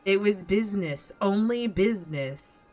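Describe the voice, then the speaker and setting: A woman's voice: medium pitch, lively intonation, a little slow, darkish tone, soft background music. A woman voicing a scheming male merchant villain, haughty and indignant in a theatrical way.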